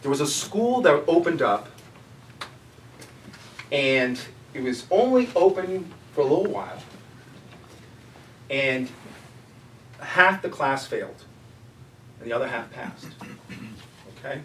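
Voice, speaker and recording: A man's voice: mid-range voice, big pitch swings, slow pace, pauses often. Man teaching a group in an echoey room. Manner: conversational, asks the group questions. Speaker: Bible study leader. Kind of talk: casual teaching. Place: church meeting room. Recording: echoey room, distant mic, faint noise.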